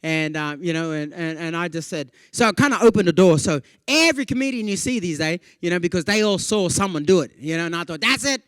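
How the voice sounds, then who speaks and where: A man with an Australian accent giving a comedy keynote, telling animated stories and slipping into playful voices for the people he quotes. He talks in a chatty way, with lots of "yeah?" and "you know". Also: high voice, quick pace, few pauses, clean tone, no echo, studio quality. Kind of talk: stand-up comedy storytelling to a live audience.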